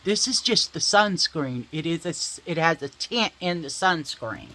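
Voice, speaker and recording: A woman's voice: sits low, animated, unhurried, background noise. A woman, chatting casually and swearing freely while doing her makeup at home. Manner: chatty, swears casually, addresses viewers as y'all. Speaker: vlogger.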